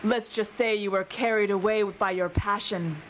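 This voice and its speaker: A woman voicing a brooding, seductive romance hero in a slow, hushed murmur. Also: medium pitch, fairly even intonation, slight background noise, natural voice.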